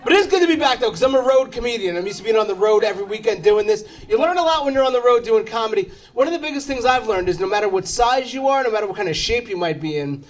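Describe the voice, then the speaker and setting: A man's voice: very high voice, animated, fast talker, hardly any pauses. A man in his thirties from New York doing a stand-up comedy set with brash, self-deprecating punchlines. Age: 30s. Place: comedy club stage. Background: audience laughter.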